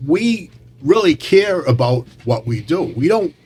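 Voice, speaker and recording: A man's voice: on the high side, sing-song, unhurried, a little mellow, breathy edge, faint music behind. A man who works as a baseball umpire, telling stories about the job in casual chat with earnest emphasis.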